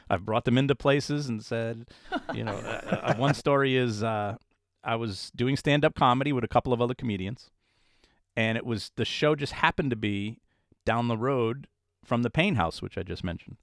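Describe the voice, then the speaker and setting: Interviewed as a paranormal investigator, a man relates his experiences in a loose, animated style, performing the voices of people he quotes. His voice sits mid-range at a moderate pace, captured as clean studio sound with no room sound.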